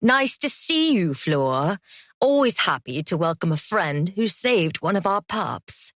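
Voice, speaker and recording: Woman putting on a snooty British dog-head gentleman. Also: fairly low pitch, sing-song, a little slow, no echo, clean studio sound. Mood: haughty. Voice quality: snooty, nose in the air.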